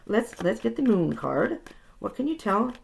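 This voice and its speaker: A woman's voice: medium pitch, sing-song, unhurried, creaky, slight background noise. A woman giving a casual, chatty tarot reading, talking reassuringly and often restarting her sentences, and sounding a little tired. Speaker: tarot reader.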